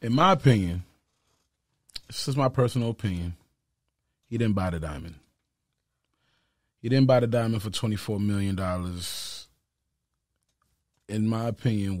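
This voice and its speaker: A man's voice: fairly low pitch, expressive, measured pace, pauses often, no room sound, studio quality. A man co-hosting a casual gossip chat, laid-back and joking, with sarcastic asides. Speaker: co-host of celebrity gossip show.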